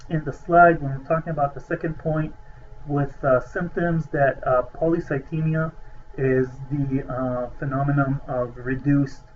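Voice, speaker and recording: A man's voice: fairly high pitch, lo-fi sound, a little hiss or hum. A man giving a recorded lecture over slides, hesitant with many filler sounds, stressing key terms.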